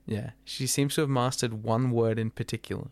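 An Australian man hosts a relaxed podcast conversation, voice at an ordinary middle pitch. He talks in a halting way, repeating words and restarting as he goes. The sound is dry and close, with no room echo. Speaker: podcast host. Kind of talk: casual podcast chat.

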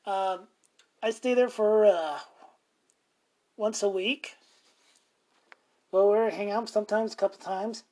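A man's voice: high voice, fairly even intonation, slow pace, pauses often, dark tone. Rambling, profane middle-aged man. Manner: rambling, profane, chuckling often. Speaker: podcast host. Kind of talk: casual storytelling monologue.

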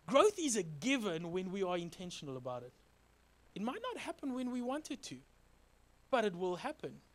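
A man's voice: high-pitched, moderate pace. A male pastor giving a sermon in a conversational, earnest way, urging the listeners with repeated calls to act. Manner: animated, joking storytelling with sound effects.

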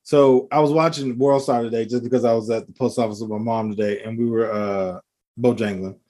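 A man's voice: mid-range voice, fairly even intonation, fairly quick, mellow. A man co-hosting a podcast, chatting casually and animatedly, laughing often and slipping into voices. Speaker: podcast co-host.

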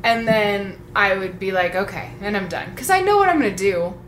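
A woman's voice: mid-range voice, big pitch swings, brisk, fairly bright tone. A woman in casual chat, talking freely with swearing and acting out quoted lines. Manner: chatty, swearing, acts out quotes. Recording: echoey room, faint noise.

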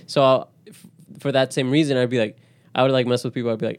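A man's voice: mid-range voice, fast, smooth. Laughing male podcast co-host telling stories. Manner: animated storyteller, slips into impressions, laughs often. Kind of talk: casual chat.

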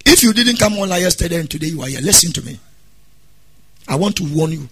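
Hoarse preaching pastor, high and bright. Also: male voice, animated, fast talker. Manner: preaching with sudden loud exhortations and sung phrases. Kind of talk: sermon.

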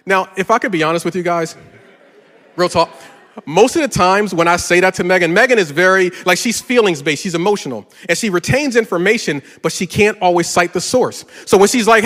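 A middle-aged man, a pastor, preaching a sermon and telling a story with lively, rising energy. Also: brisk. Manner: animated, gets louder and higher telling a story. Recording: reverberant hall.

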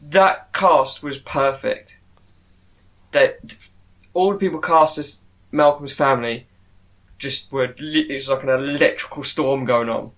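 A man's voice: mid-range voice, measured pace, fairly bright tone. A man co-hosting a casual chat, giving rambling, opinionated views on television casting. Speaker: podcast co-host.

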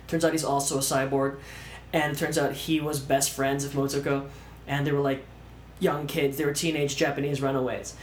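A man casually ranting about a movie on a podcast, swearing a lot and acting out scenes in mocking voices. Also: fairly high pitch. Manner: animated, swearing, acts out lines in mocking voices. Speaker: podcast co-host. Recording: echoey room with faint background noise.

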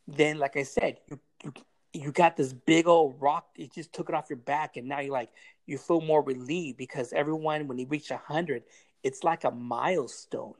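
A man's voice: a little high, fairly quick, a little mellow. Blunt, profane man giving advice. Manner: blunt, profane, emphatic pep talk. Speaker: podcast guest giving advice. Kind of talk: casual podcast chat.

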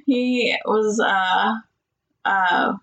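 A woman chatting casually with her husband, talkative, with many "like" fillers and quick laughs. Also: mid-range voice, fairly even intonation, creaky, a bit bright, dull audio. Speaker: co-host talking with her husband. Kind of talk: casual chat.

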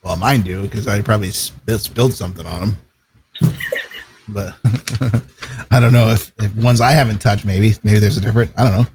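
A man's voice: fairly low pitch, fairly even intonation, moderate pace, a little mellow, slight background noise. A man co-hosting a casual chat show, talking in an easygoing, rambling way and laughing often. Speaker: co-host.

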